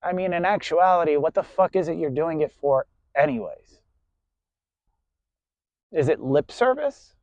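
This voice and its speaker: A man talks to his class in a blunt, preachy way, swearing freely and asking "right?" after his points. His voice sits fairly high for a man. The recording is dull and lo-fi, with a dry, close sound. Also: expressive, unhurried, pauses often, no echo. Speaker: class instructor. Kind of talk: lecturing monologue.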